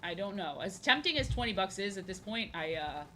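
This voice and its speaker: A bright-voiced young woman chatting loosely while she sketches on stream. She rambles and repeats herself and fills her pauses, talking into a desk mic. A faint hiss sits under her voice. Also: mid-range voice, animated, poor audio. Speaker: art streamer. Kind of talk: casual chat while drawing on stream.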